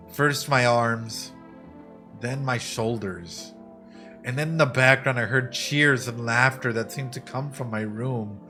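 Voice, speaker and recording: A man voicing a scared young survivor in a game, telling a story in a shaken, hushed way. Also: mid-range voice, pitched below the performer's own voice. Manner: hushed and shaken, then pleading and panicky. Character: young frightened survivor recounting an escape.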